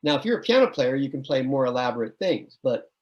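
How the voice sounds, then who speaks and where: A man's voice: mid-range voice, sing-song, fast, muffled recording. A middle-aged man, a music education professor, presenting an online admissions webinar and patiently explaining with sung and chanted examples.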